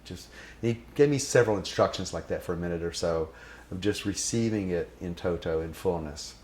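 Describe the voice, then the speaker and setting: A man telling a personal anecdote about his spiritual teacher in an animated, reverent way, quoting others and reciting passages from memory. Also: low-pitched, a little fast, a little hiss or hum. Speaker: storyteller.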